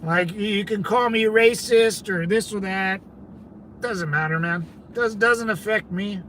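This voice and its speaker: A man hosts a relaxed livestream from California, his high voice sharp and measured, with slight background noise. He wanders conversationally, replies to his audience, and frequently says "dude" and "man."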